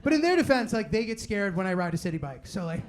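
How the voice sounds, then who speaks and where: A young man with a noticeably high-pitched voice works through a live stand-up set. He talks loosely, rambling through "like" and "you know what I mean," and slips into quick quoted asides from friends and family. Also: very animated. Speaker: stand-up comedian. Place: live comedy venue with audience.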